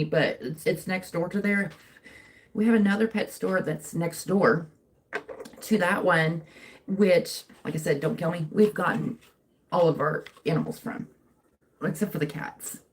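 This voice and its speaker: Rambling, chatty woman on a livestream. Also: lowish voice. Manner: rambling, chatty, self-interrupting. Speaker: livestream host. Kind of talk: casual live chat while crafting. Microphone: phone mic.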